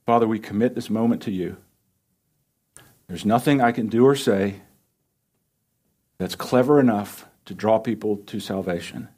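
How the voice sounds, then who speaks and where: A man's voice: lowish voice, moderate pace, long pauses, darkish tone. A male pastor preaching an earnest, pleading sermon and closing it in prayer.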